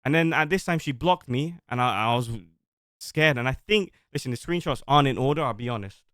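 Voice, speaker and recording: A man streams from home, talking defensively and at length as he reads old messages aloud. His voice is smooth and resonant, sitting at an everyday middle pitch. The close mic leaves it dry, with almost no room sound. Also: brisk, a bit bright, no room sound. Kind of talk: livestream talk, reading out messages.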